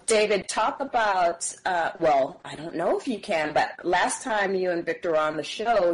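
Slow, lively playful woman host. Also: mid-range voice, low-quality recording. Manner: playful, laughs often. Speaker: radio show host. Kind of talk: casual interview.

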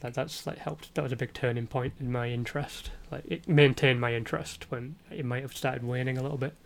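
A man's voice: medium pitch, steady tone, a little fast, creaky. A man hosting a podcast, chatting casually with lots of fillers and laughter, and a sore throat. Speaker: podcast host. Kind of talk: casual chat.

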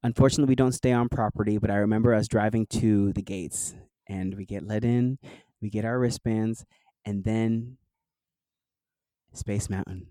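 Animated storytelling man from New Jersey. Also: fairly low pitch, moderate pace, dry recording, rough recording. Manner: animated storyteller, laughs often, fillers like "like". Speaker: guest. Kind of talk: casual interview chat.

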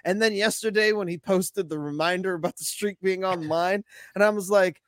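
A man's voice: high-pitched, normal speed, hardly any pauses, fairly bright tone, dry recording. A man co-hosting a casual sports podcast, telling rambling stories and swearing freely. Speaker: podcast co-host. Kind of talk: casual chat.

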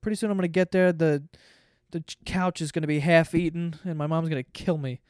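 A man's voice: a little high, fairly even intonation, fairly quick, darkish tone, clean tone, no echo. A man hosting a podcast, telling a rambling, profane story in a casual monologue. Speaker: podcast host.

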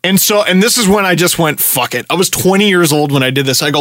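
A young man hosting a podcast, telling a story in casual chat, animated and profane, acting out his own rants. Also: on the high side, fast, dry recording, clean studio sound. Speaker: podcast host.

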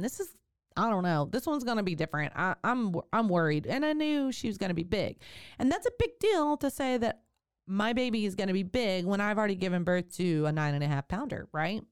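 A woman podcast host candidly telling a personal story, animated and laughing often. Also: medium pitch, clear, resonant tone, no room sound, clean studio sound.

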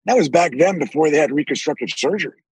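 A man with a deep, raspy voice, telling animated stories with frequent swearing as a podcast guest. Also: fast, no room sound, poor audio. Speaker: actor guest. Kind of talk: casual podcast interview.

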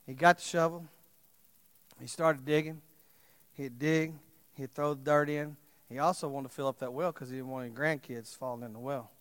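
A male pastor preaching a sermon, swinging from loud impassioned calls to quiet storytelling. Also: medium pitch, steady tone, moderate pace, long pauses, in a large hall.

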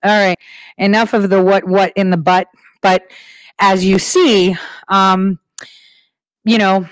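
A woman hosting her own talk show, speaking quickly and animatedly and laughing as she talks. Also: medium pitch, no echo, poor audio. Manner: fast, animated, laughing while talking. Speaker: show host. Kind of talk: casual talk-show monologue.

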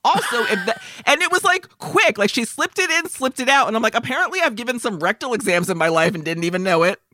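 A woman's voice: on the high side, expressive, quick pace, pushed and bright, no echo, studio quality. A woman in her forties telling a story on a podcast with plenty of profanity, acting out the other people's lines. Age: 40s. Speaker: podcast co-host. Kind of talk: casual comedic storytelling.

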